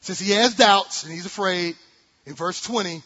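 A man preaching a sermon with animated delivery, acting out quotes and jokes. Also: high-pitched, normal speed. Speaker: pastor. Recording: dull sound in a large reverberant hall.

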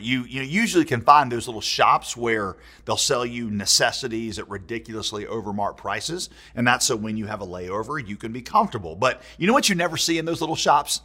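A man's voice: mid-range voice, pushed and bright. A man preaching a sermon in a conversational way, with frequent restarts and rhetorical questions. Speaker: pastor.

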